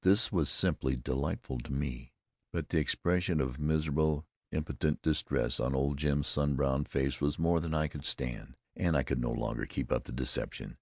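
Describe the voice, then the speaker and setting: A man narrating a first-person audiobook in a measured, deliberate storytelling manner on a close microphone. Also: a bass voice, a little mellow, no room sound.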